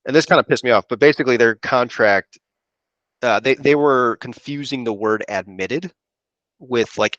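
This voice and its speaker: A man's voice: mid-range voice, moderate pace, a bit bright, dry recording, lo-fi sound. A man, an insurance producer telling a rambling story on a podcast and acting out what people said to him. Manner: rambling, quotes people in his stories. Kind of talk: casual storytelling chat.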